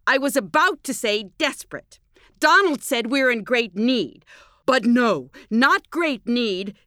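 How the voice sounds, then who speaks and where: A woman playing a fussy, anxious sitcom wife in a deadpan comedy parody, repeating herself insistently. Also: on the high side, slow pace, no room sound, clean studio sound, full character voice. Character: anxious, bossy middle-aged sitcom wife.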